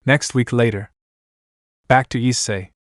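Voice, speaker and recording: A man reading fan fiction aloud in a plain, steady storytelling voice with broken grammar. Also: mid-range voice, a little slow, no echo, studio quality.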